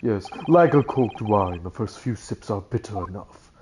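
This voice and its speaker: A man's voice: lowish voice, animated, background noise, voice pushed down, close to an everyday voice. A man doing a sneering posh prosecutor. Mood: haughty. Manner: sneering, pompous, drawn-out. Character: haughty aristocratic British male prosecutor.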